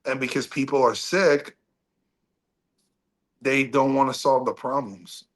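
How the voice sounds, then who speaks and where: A man who is a rock singer and guest on a podcast, telling a long story in a casual, animated way with many restarts. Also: medium pitch, a little slow.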